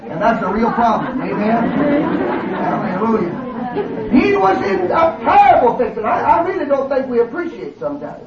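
A man's voice: very high voice, wildly swooping pitch, normal speed, a loud crowd, heavy background noise. A man preaching a fervent, folksy sermon in a church, often calling out hallelujah. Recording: distant, roomy, dull sound.

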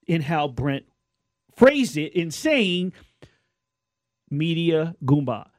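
A man's voice: a little high, very animated, extremely slow, dry recording, clean studio sound. A man co-hosting a sports talk show, explaining his point at length with restarts and a casual, earnest manner. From Colombian and Lebanese heritage. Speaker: sports radio host.

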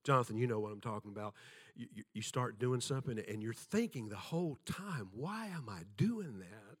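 A man's voice: mid-range voice, expressive, brisk, few pauses. An older man preaching a sermon, telling folksy stories with self-deprecating humor and acting out the voices in them.

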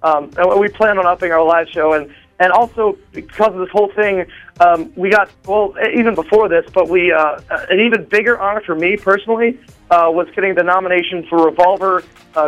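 Brief: high-pitched rambling male guest on a phone call, faint music behind. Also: a little fast. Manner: rambling, with many fillers and restarts. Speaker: drummer interviewed as a guest. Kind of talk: excited phone interview chat. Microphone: phone line.

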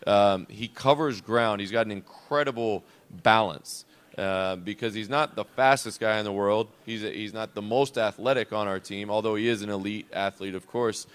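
A man's voice: fairly low pitch, moderate pace, clear, resonant tone. A man, a head basketball coach, talking in a reflective, loose and unscripted way on a coach's show. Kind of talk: conversational coach's show interview.

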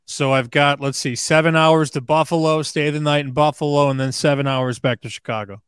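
A man's voice: a little high, fairly even intonation, fairly quick, fairly bright tone, smooth, dry recording, studio quality. A man appearing as a sports betting analyst guest on a radio show, talking in a conversational, storytelling way. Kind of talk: radio interview.

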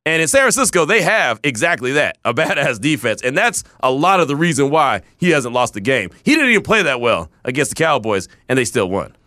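Animated male sports radio host. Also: medium pitch, fairly quick, hardly any pauses, no echo, clean studio sound. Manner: animated, emphatic, repeats himself.

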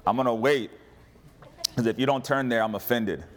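A man preaching a sermon as pastor, animated and humorous, calling on the congregation to respond. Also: medium pitch, moderate pace.

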